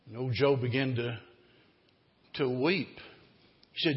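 A man preaching a sermon in a church, telling a story dramatically and swinging between loud and hushed delivery. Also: mid-range voice, takes it slowly, pauses often. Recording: dull recording, long hall reverb.

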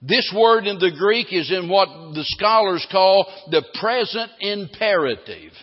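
High-voiced man preaching in an echoing hall. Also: lively intonation, muffled recording. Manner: emphatic preaching, slowing down to stress key phrases. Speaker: pastor. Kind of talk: sermon.

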